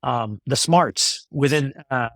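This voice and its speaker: A male company executive explaining his ideas in a business interview, in a measured way with many fillers and restarts. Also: mid-range voice, creaky, fairly bright tone, no room sound, studio quality.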